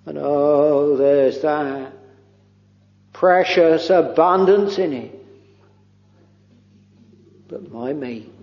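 A man preaching a devotional sermon, very slow and halting, with long pauses and soft trailing phrases. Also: on the high side. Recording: dull lo-fi recording with long hall reverb.

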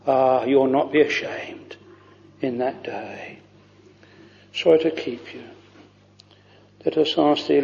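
A man's voice: medium pitch, gravelly, dark tone, long reverb tail, muffled recording. A man preaching a fervent, old-fashioned sermon, weaving hymn lines into his words. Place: church.

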